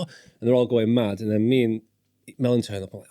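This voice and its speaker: A man's voice: mid-range voice, steady tone, fast, dark tone, dry recording, studio quality. A man from northern England in his forties, a podcast guest telling stories casually and animatedly, swearing and acting out voices. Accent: Northern English. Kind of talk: casual storytelling.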